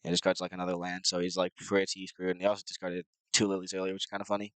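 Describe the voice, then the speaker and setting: A man with a low, nasal voice that sounds slightly sick commentates his own card game matches, talking very fast in a monotone with a fairly bright tone. He rambles casually and unsurely, leaning on fillers. The audio is poor, recorded close and completely dry with no room sound.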